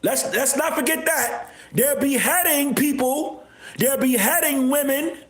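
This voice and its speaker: A man hosting a livestream, delivering a repetitive, confrontational rant with bursts of shouting. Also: very high voice, unhurried. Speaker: livestream host. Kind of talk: ranting livestream monologue. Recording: echoey room.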